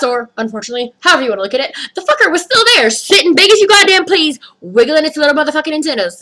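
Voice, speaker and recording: A woman's voice: on the high side, expressive, fast talker, pushed and bright, low-quality recording. A woman vlogger ranting through a storytime with heavy swearing, upset and rattled. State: upset, skin crawling. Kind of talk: storytime rant.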